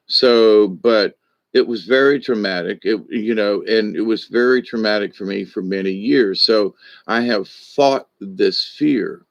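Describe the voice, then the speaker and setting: Slow, dry-voiced man in his sixties. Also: mid-range voice, no echo. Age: 60s. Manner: slow, thoughtful, with frequent restarts and asides. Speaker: spiritual teacher. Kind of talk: reflective spoken monologue.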